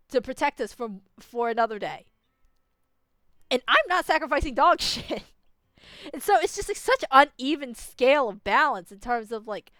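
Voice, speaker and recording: A young woman with a fairly high, slightly bright voice rants casually while playing through a story game, exasperated and packing her talk with fillers, especially "like." She's a gaming streamer giving casual playthrough commentary, and the recording is dry with no room sound.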